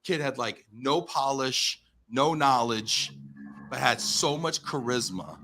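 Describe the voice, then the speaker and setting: An American man in his thirties, a podcast guest telling a long personal story. He talks casually with plenty of fillers and restarts, and he acts out his own past quotes in an animated way. His voice sits in an average male pitch. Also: takes it slowly, slight background noise. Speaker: podcast guest, company founder.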